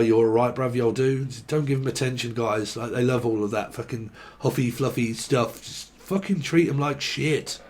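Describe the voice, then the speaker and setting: A young man giving a casual tarot reading, joking, rambling and swearing freely. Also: mid-range voice. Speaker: tarot reader.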